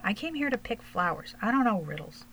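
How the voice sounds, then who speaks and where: A woman's voice: fairly high pitch, big pitch swings, fairly quick, fairly bright tone, slight background noise, voice pushed up. A woman reading a blunt little girl. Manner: short, blunt storybook replies.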